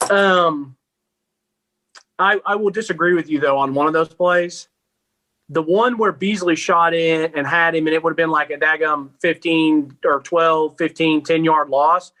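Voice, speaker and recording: A man's voice: on the high side, pushed and bright. A young man co-hosting a sports podcast, telling stories in an easygoing, chatty way. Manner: easygoing storytelling with fillers. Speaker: podcast co-host. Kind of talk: casual sports podcast chat.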